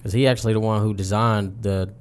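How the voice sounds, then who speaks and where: A man's voice: fairly low pitch, flat delivery, fast, smooth. A man, a rapper, talking about his music in a loose, slangy interview chat. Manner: laid-back, slangy, loose storytelling. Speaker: rapper guest.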